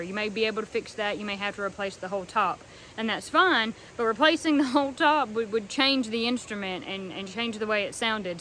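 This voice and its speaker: Earnest young woman, slightly high voice. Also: a little hiss or hum, poor audio. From North Carolina, USA. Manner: soft, earnest, with frequent ums and restarts. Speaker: fiddler showing her instrument. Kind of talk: casual heartfelt talk to camera.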